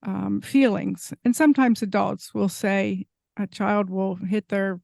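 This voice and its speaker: A woman hosting an interview podcast, speaking thoughtfully and a little haltingly with fillers. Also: mid-range voice, steady tone, gravelly, a little mellow, no room sound, studio quality. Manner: thoughtful, hesitant, slow, with fillers. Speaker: podcast host. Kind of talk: conversational interview.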